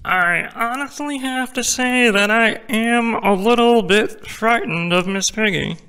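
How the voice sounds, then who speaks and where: A man's voice: very high-pitched, measured pace, sharp tone, smooth, voice pushed up, exaggerated voice. A man imitating a mild-mannered male frog puppet, speaking thin, earnest and a bit nervous.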